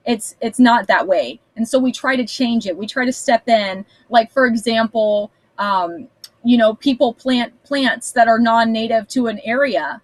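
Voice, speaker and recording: A woman's voice: on the high side, dry recording, rough recording. A woman giving a casual tarot reading to camera at home, chatty and blunt, swearing now and then. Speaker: tarot reader. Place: small house, indoors.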